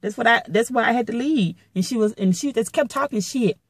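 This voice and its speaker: A woman's voice: on the high side, fairly quick, no room sound, studio quality. Blunt, profane storytelling woman. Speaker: vlogger. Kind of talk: casual storytelling to viewers.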